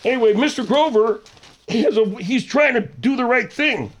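A meek, confused guest, as a man puts him on, high and lively in pitch, softer than those around him. He gropes for words in halting, slightly broken phrases. He keeps trying to sound earnest and helpful. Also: slight background noise. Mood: hesitant.

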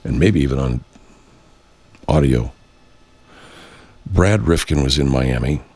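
A male radio host with a very low voice talks off the cuff. He wanders from point to point, restarts often and drops casual profanity. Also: takes it slowly, a little mellow, slightly rough. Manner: meandering, self-interrupting, swears freely. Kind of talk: rambling casual monologue.

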